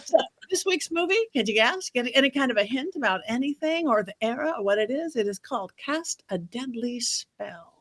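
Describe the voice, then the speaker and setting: A woman's voice: fairly high pitch, animated, normal speed, a bit bright. A woman hosting a livestream movie show, introducing guests with upbeat, theatrical flair. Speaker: host.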